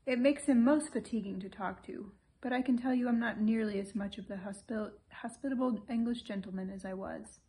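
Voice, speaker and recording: A woman reading aloud as a fussy old English lord, complaining and plaintive, in a fairly high voice. The grumbling comes in storybook narration without much change from her own tone. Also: a little fast, hardly any pauses, dark tone, lightly acted.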